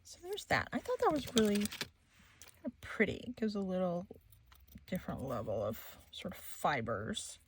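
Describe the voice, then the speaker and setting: A woman's voice: lowish voice, wildly swooping pitch, normal speed, a little hiss or hum. A middle-aged woman hosting a crafting channel, chatting casually and laughing often as she tells a story while she works. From Maine, USA.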